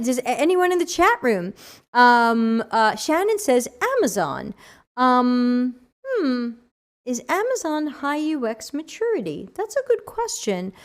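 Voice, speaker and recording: A woman with a fairly high voice hosts a relaxed livestream Q&A, reading viewers' chat questions out loud. She's chatty and animated, though her voice sounds tired after an hour of talking.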